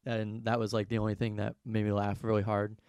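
Smooth-voiced young man co-hosting a podcast. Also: on the low side, monotone, a little mellow, no room sound, studio quality. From United States. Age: young adult. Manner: laid-back, quick agreeing interjections. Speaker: podcast co-host. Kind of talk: casual podcast chat.

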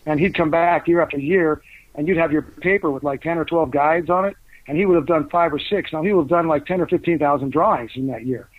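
Older male guest, fast rambling storyteller, slightly high voice, tinny phone-like line. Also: no room sound. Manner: rambling, anecdotal, lots of fillers and restarts. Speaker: author and guest. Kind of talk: casual interview storytelling. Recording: tinny phone-like dry sound.

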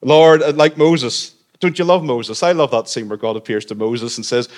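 A man pastor preaching a sermon, earnest and conversational, with gentle humorous asides. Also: mid-range voice, normal speed, few pauses.

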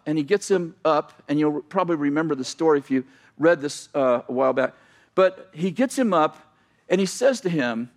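A man's voice: fairly high pitch, expressive, moderate pace. A middle-aged man from the United States preaching a sermon in a church, telling a story and acting out the people in it, with self-deprecating humor. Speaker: pastor.

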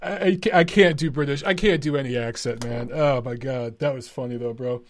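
A man's voice: medium pitch, a little fast, no echo. A man hosting a call-in show, laid-back and joking with callers and chat. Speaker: talk show host.

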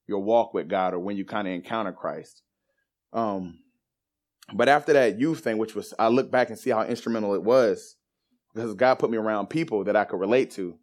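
Man telling his faith story animatedly. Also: on the low side. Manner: animated storyteller who acts out quoted voices. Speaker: speaker giving a personal testimony. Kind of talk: personal faith testimony.

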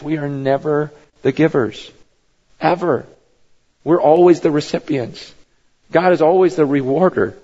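Impassioned male pastor in echoing church. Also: darkish tone. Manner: impassioned, rising to high emphatic peaks. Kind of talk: sermon. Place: church sanctuary. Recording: dull sound with long hall reverb.

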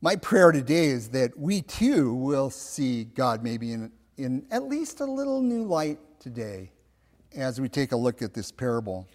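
A pastor preaching a sermon, slow and emphatic, asking his listeners rhetorical questions. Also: mid-range voice, sing-song, long reverb tail.

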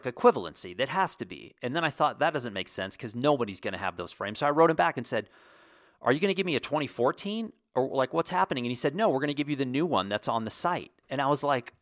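A man's voice: mid-range voice, a bit bright, no room sound. A man in casual monologue, telling a story and animating the quoted lines in his own voice. His voice sits mid-range, recorded close in a dry, dead room.

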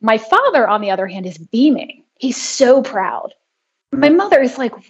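A woman guest in a conversational interview who explains her wellness work in an earnest, brisk way. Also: a little high, big pitch swings, slightly rough. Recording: dull lo-fi audio.

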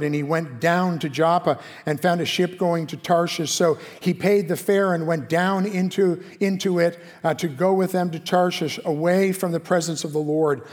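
A male pastor with a higher voice delivers a sermon in a large hall that carries a long reverb. His preaching is earnest yet conversational, built around rhetorical questions.

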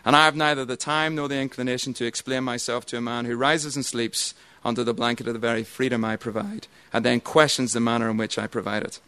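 A man reciting a stern, domineering male military colonel in a loud, forceful declamation. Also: mid-range voice, steady tone, fast, hardly any pauses, smooth, no echo, lightly acted. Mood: defiant.

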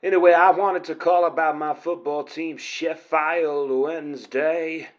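A man playing a prank caller who impersonates a famous male boxer, slow and quarrelsome. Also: on the high side, fairly even intonation, lo-fi sound, lightly acted. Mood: indignant.

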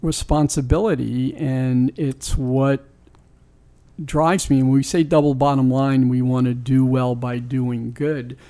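A man's voice: medium pitch, level tone, measured pace, warm tone, smooth. A man in his sixties from New York, a sports team owner, tells a personal story in an interview. He is reflective and earnest and often restarts his sentences. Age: 60s.

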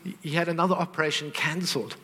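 A man's voice: on the high side, fairly even intonation, fast, sharp tone, in a large hall, a little hiss or hum. A middle-aged man teaching on faith, earnest and heartfelt, openly emotional as he tells a family story. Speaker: Christian teacher.

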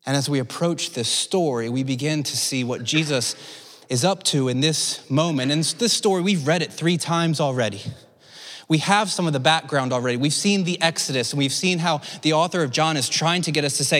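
A man preaching a sermon at a church service, expressive, dropping to soft low tones for emphasis. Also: fairly quick. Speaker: pastor. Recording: long reverb of a church hall.

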